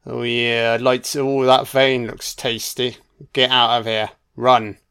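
A man's voice: mid-range voice, level tone, measured pace, fairly bright tone, clean tone. A man giving a casual, crude audio commentary while watching a film. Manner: crude, chatty, sweary.

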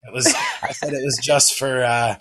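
A man in his thirties telling animated parenting stories in casual chat, swearing freely. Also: mid-range voice, moderate pace.

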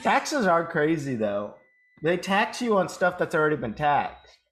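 A man's voice: a little high, big pitch swings, measured pace, a bit bright. A young man co-hosting a podcast, teasing his co-host and laughing often in casual chat.

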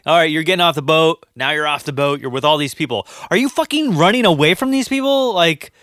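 Bright-voiced man in casual podcast chat. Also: fairly high pitch, fast talker, no room sound, clean studio sound. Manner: rambling, stammers and restarts, animated asides. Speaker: podcast co-host. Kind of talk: casual movie discussion.

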